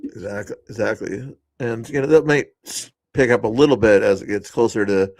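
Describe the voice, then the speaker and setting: A man's voice: lowish voice, fairly quick, slight background noise. A man hosting a livestream, chatting casually about politics and commenting on clips he is rewatching. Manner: conversational, laughs and comments while rewatching clips. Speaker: stream host.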